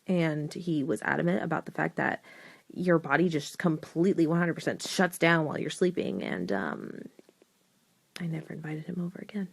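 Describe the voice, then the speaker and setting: A young woman telling an exasperated story for a social video. Her voice is low and gravelly, and the sound is dry and close. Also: moderate pace, no echo.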